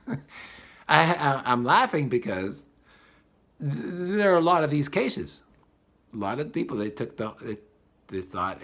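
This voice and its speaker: Animated man giving a spiritual talk. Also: fairly high pitch, slow, long pauses. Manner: animated, acts out voices of people he describes. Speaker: spiritual teacher.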